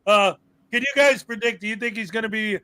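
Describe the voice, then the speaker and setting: A chatty man hosts a casual commentary show over video clips, tossing in quick asides and laughing often. His voice sits high for a man. The recording is dry and close, with no room sound. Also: sharp tone, smooth, no room sound. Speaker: show host.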